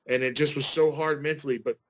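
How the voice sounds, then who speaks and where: A man's voice: on the high side, fairly even intonation, brisk, poor audio. A man in his forties, a fighter giving a casual interview over a video call, earnest and rambling, often restarting his sentences. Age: 40s. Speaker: guest fighter.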